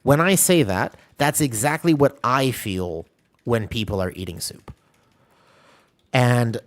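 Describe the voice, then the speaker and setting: A man's voice: medium pitch, takes it slowly, long pauses. A man streaming a game, chatting casually and rambling while answering his chat.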